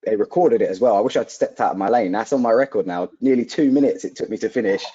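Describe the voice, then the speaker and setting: A young man with a very deep voice tells a personal story as an interview guest. He acts out the people he quotes, with lots of "like" fillers. The audio is dull and lo-fi. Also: fast, background noise. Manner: vivid retelling, acting out quoted dialogue, frequent "like" fillers. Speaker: athlete guest.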